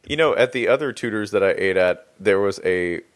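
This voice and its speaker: A man hosts a loose podcast conversation, his pitch leaping up and down as he jokes. He laughs often and slips into silly voices while he talks. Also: expressive, a little fast. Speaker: podcast host. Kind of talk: casual chat.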